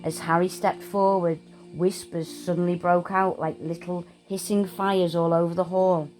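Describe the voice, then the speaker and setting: A woman reading a children's fantasy storybook aloud, in a steady, expressive way. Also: on the low side, moderate pace, soft background music, low-quality recording.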